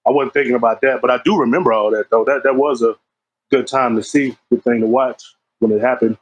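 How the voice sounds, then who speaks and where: A man co-hosting a podcast, reacting in loud, quick casual chat. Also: medium pitch, steady tone, lo-fi sound. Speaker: podcast co-host.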